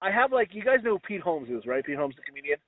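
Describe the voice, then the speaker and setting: Very animated and quick, a man co-hosting a podcast shares rambling, off-color tales that poke fun at himself. He voices other people's remarks in a raised, high pitch during the casual chat. The sound is dry and lo-fi, much like a phone call.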